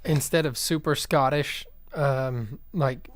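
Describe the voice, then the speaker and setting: A man co-hosting a casual chat, joking and telling quick anecdotes. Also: medium pitch, no echo. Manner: joking, storytelling banter. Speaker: podcast co-host.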